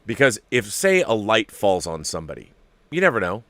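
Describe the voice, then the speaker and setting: Excitable low-voiced man hosting a live show. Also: brisk, no echo. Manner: excitable, swears often, drops to near-whispers then bursts out loud. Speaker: show host answering viewer messages. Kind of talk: casual live-stream chat.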